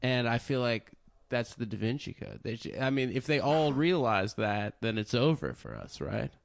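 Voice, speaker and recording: A man's voice: medium pitch, lively intonation, normal speed, gravelly. A man co-hosting a comedy podcast, joking around in casual chat and laughing often. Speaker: podcast co-host.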